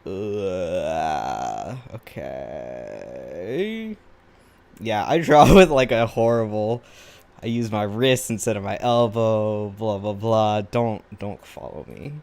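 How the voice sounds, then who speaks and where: A man's voice: fairly low pitch, lively intonation, takes it slowly, gravelly, a little mellow. A tired man chatting casually and rambling in a self-deprecating way while he draws on camera. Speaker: artist drawing on camera. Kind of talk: casual chat while drawing.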